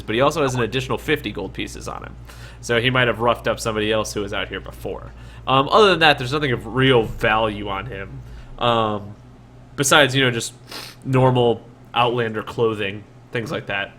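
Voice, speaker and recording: A man's voice: medium pitch, pushed and bright, slight background noise. A man narrating a tabletop game as dungeon master, loose and full of fillers.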